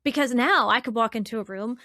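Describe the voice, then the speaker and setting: A woman relationship coach, a guest in an interview, talking in an animated, chatty way with lots of "like" and "right?". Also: a little high, fast, no room sound, clean studio sound. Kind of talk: conversational interview.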